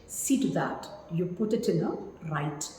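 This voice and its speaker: Animated woman teacher in an echoey room. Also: on the low side, unhurried, slight background noise. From India. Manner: emphatic, instructive, repeats key words. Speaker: English teacher. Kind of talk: spoken English lesson. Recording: echoey room with long reverb.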